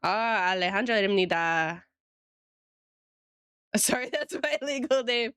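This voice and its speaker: A woman's voice: mid-range voice, animated, a little slow, a bit bright, smooth, dry recording, clean studio sound. A woman streamer chatting casually with her viewers while she draws, giggling often and talking straight to chat.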